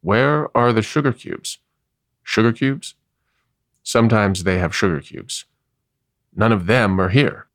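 A gentle, dim-witted horse from a storybook, as a man reads him out, slow and puzzled, with a gravelly low voice. Always thinking of food, he speaks simply and without hurry. The sound is dry and close. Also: dry recording. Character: dim, placid male horse, always hungry.

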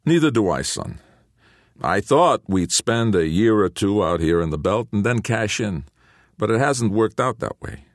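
A man voicing a thick-set, middle-aged father who speaks gruffly and sternly to his son. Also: fairly low pitch, animated, unhurried, no room sound, clean studio sound, pitched above the performer's own voice.

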